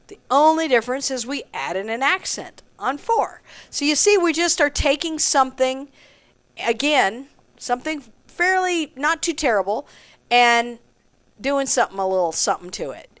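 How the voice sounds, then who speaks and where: Woman drum instructor, higher voice, smooth and clear, counts beats aloud, encouraging. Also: fairly bright tone. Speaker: drum teacher. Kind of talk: music lesson with counting aloud.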